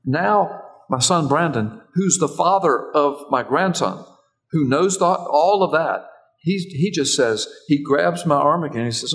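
A man's voice: a little high, normal speed, rough recording. Older man telling a sermon story. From Florida. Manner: animated, repetitive "and I said" narration. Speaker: pastor.

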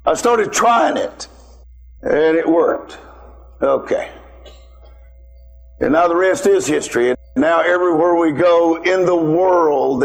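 A man's voice: a little high, creaky, breathy edge. A man preaching a sermon, telling a personal story and calling out emphatically to his listeners.

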